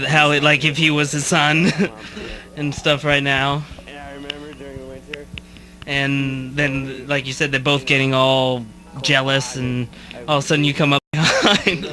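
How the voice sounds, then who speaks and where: A man chatting on a commentary track, giggly and halting, with many fillers. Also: medium pitch, steady tone, music in the background, low-quality recording. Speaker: cast member doing commentary. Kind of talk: casual commentary chat.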